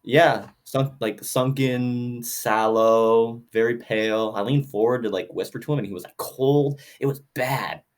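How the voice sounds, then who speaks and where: Excitable man rambling at a game table. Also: medium pitch, a little slow, few pauses. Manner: excitable, rambling with many fillers. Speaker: player. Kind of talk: casual chat while playing a tabletop game.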